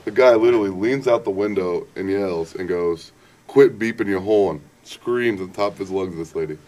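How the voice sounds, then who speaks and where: A young man from the American Midwest, telling stories with quick laughs in a casual interview. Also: low voice, a little mellow, distant mic. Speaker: interview guest, son.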